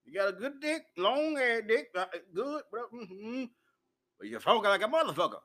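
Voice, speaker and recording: A man's voice: extremely high pitch, big pitch swings, moderate pace, bright, forceful tone. A man from Memphis, hosting an uncensored solo talk show, brash and profane, laughing often as he tells his stories.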